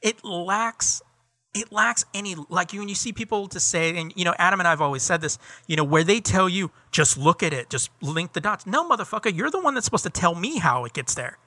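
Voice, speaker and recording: Bright, heated middle-aged podcast ranter. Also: male voice, high voice, expressive, fairly quick, no room sound. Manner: rambling, profane, heated ranting with many fillers. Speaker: podcast co-host. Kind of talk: casual chat.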